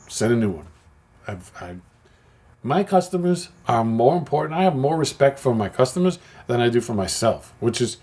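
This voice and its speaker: Passionate parts maker, male, husky voice with a lively pitch; candid and rambling. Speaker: parts maker and shop owner. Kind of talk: candid personal video talk.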